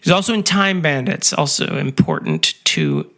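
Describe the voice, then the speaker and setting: A podcast co-host with a bright, forceful tone, joking through trivia asides. The voice leaps around in pitch as the talk gets animated. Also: normal speed. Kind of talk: casual chat.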